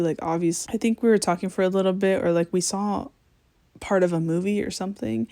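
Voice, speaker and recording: A woman's voice: fairly low pitch, dry recording. Emphatic young woman telling a storytime. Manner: emphatic, frequent swearing and "like" fillers; animated swings between laughing and venting. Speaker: vlogger. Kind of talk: casual storytime while getting ready.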